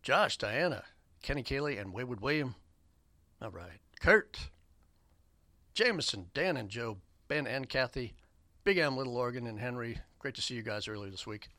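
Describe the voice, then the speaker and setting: A man hosting a community radio show, giving rambling shout-outs and station announcements with lots of fillers in an upbeat way. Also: medium pitch, expressive, moderate pace, no room sound. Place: radio studio. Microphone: studio microphone.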